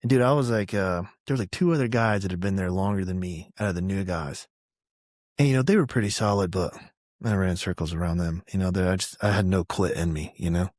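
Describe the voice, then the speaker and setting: A man's voice: low-pitched, a little fast, dry recording, studio quality. A man in his thirties from Georgia, a veteran guest telling army stories in casual, profane talk and acting out the voices of others. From Georgia, USA. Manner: profane, animated storyteller who acts out quotes loudly. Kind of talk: casual storytelling interview.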